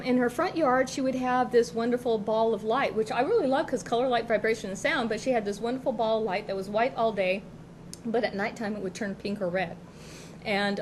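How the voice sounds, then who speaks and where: A woman's voice: a little high, a little hiss or hum, poor audio. A middle-aged woman co-hosting a local TV talk show, telling rambling childhood stories in casual chat and often laughing. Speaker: co-host. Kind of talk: casual chat, personal storytelling. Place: local TV studio.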